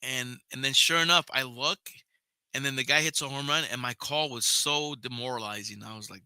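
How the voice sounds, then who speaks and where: A man's voice: mid-range voice, normal speed, sharp tone, smooth, dry recording. A young man hosting a podcast, giving casual live play-by-play of a baseball game, chatting with viewers and swearing now and then. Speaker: podcast host and play-by-play caller.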